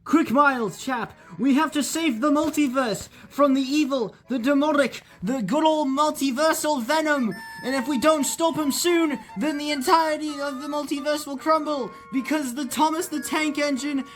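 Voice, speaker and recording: A man's voice: very high voice, steady tone, normal speed, soft background music, voice pushed up. A young man playing a frantic male time traveller leading a team of toy heroes, bossy and exclamatory. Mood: urgent.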